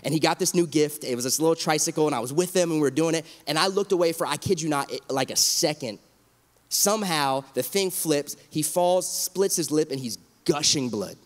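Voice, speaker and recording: Man, 30s, pastor; earnest and emotional, slightly high voice, long hall reverb. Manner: earnest and emotional, with halting restarts. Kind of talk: heartfelt panel discussion.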